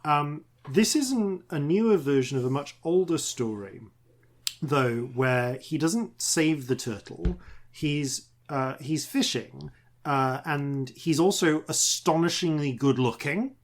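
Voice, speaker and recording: A man hosting a tabletop game podcast as dungeon master, telling a folk tale in a rambling, halting way. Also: a little high, lively intonation. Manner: rambling, halting storyteller with many ums. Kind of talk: casual podcast chat and storytelling.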